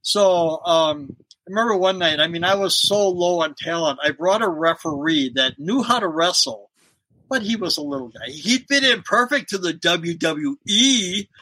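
A man's voice: fairly high pitch, expressive, normal speed, pushed and bright, no room sound, rough recording. A middle-aged man, a former wrestler, telling road stories in a casual interview and laughing often. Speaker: guest, former pro wrestler.

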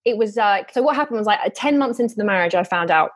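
A woman's voice: mid-range voice, expressive, quick pace, no room sound. A young woman in her twenties, a podcast guest, telling a frank personal story in a tumbling, candid way. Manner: frank, tumbling, acts out quotes.

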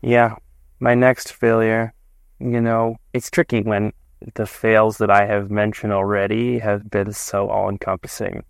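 A man's voice: lowish voice, vocal fry, no echo. A man speaking as a podcast guest, reflective and earnest, often restarting his sentences. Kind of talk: casual interview.

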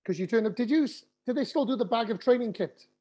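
A man's voice: very high-pitched, animated, fast, dark tone. A man, a former pro rugby player chatting casually on a podcast and often restarting his sentences.

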